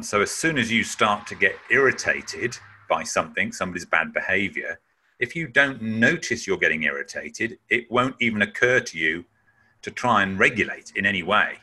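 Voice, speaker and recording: A lowish male voice, pushed and bright with a breathy edge, leads a webinar on managing emotions. His delivery is emphatic, and he occasionally performs breath-holding sounds.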